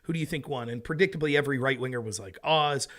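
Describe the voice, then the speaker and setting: A man's voice: medium pitch, rapid-fire, fairly bright tone. A man hosting a casual livestream of political commentary from home, talking in an emphatic, conversational way.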